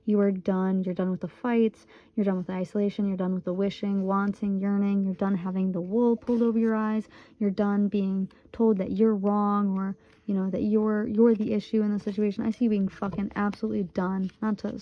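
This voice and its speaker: A Michigan woman in her twenties gives a casual, earnest tarot reading, repeating phrases for emphasis. Her voice sits at a medium pitch, and the audio sounds dull.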